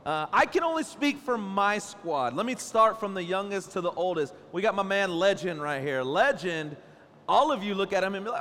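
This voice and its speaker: A man's voice: sits high, normal speed. A man in his thirties preaching a sermon in church, joking and telling stories about his family. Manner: playful, joking, animated storytelling. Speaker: pastor. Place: church stage. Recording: church hall reverb.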